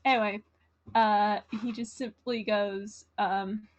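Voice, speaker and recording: A woman's voice: medium pitch, steady tone, slow. A woman playing a tabletop game, talking casually and hesitantly, with laughter. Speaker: player.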